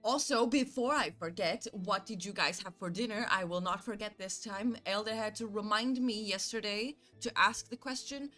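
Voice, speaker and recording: A woman's voice: medium pitch, moderate pace, hardly any pauses, sharp tone, faint music behind. A woman streamer from Canada chatting casually with her chat, telling stories animatedly, acting out both sides and swearing freely.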